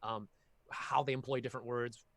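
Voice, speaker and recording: A man's voice: mid-range voice, normal speed, no room sound. A man, a voice actor, talking casually and animatedly at an online workshop, telling long stories from his work. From half Filipino heritage. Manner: animated, talkative storyteller. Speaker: voice actor guest.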